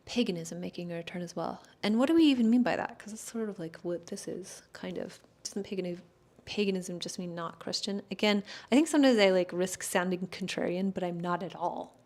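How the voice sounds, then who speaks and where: A woman's voice: lowish voice, fairly quick, hardly any pauses, darkish tone. A woman astrologer in casual chat, answering viewer questions in a rambling, hedging way, full of fillers and self-corrections.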